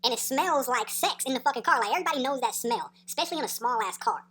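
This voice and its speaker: A woman's voice: sits high, lively intonation, quick pace, a bit bright. A woman telling a story in a casual, slangy, profane way, laughing as she goes. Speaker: storyteller vlogger.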